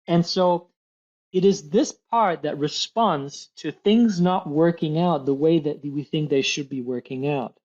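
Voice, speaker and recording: Male coach guest, expressive and animated, slightly muffled lo-fi recording. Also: a little high. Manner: animated, acts out voices of others in examples. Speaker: high-performance coach, podcast guest. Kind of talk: coaching conversation.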